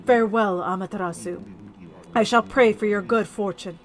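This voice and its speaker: A woman voicing a dying dragon king in a video game, speaking slowly in a grave, formal way. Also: medium pitch, faint music behind, close to an everyday voice. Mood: solemn.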